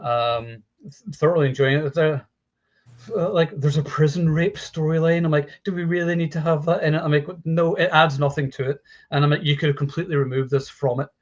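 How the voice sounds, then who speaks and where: A man co-hosting a casual film chat, talking in an animated way with lots of fillers and the odd swear word. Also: on the high side, brisk, dull audio. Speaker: podcast co-host. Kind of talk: casual chat about films.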